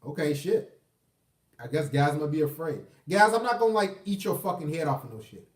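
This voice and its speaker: A man's voice: a little high, animated, fairly quick, distant mic. A man in his thirties hosting a casual call-in live stream, blunt and profane as he urges callers to talk. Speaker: call-in show host. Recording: echoey room, off-mic.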